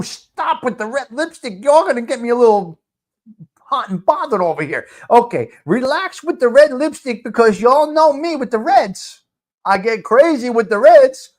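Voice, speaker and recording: A brash middle-aged man runs a live chat stream, teasing his viewers. His voice sits high for a man and swings widely up and down as he jokes. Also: very animated, moderate pace. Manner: brash, teasing, street-wise banter.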